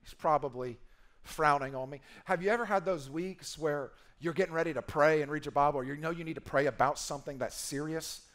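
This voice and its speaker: A man's voice: on the high side, quick pace, few pauses. A man preaching a sermon as a pastor, playful and emphatic, acting out quoted voices and repeating key phrases.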